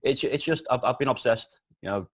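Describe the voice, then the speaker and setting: A man's voice: mid-range voice, a little fast. A man in his thirties with a Liverpool accent, chatting casually as an interview guest, rambling with lots of restarts and the odd swear. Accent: Liverpool (Scouse). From Liverpool, England. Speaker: guest, filmmaker.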